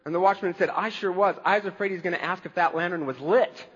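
High-voiced pastor in a reverberant hall. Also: male voice, fast, lo-fi sound, background noise. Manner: conversational preaching with humor. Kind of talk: sermon.

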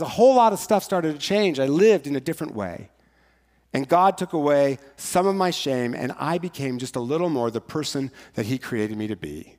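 Male pastor, somewhat high voice, conversational sermon with jokes and rhyming cadences, big churchy reverb. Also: a little mellow. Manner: conversational and joking, with rhythmic rhyming lines. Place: church sanctuary. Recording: long church hall reverb.

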